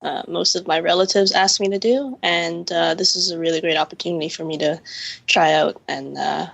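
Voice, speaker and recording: A young Canadian woman as a podcast guest, nervous and halting, with fillers and giggles. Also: fairly low pitch, gravelly, a bit bright, no echo. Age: young adult. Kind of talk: casual chat.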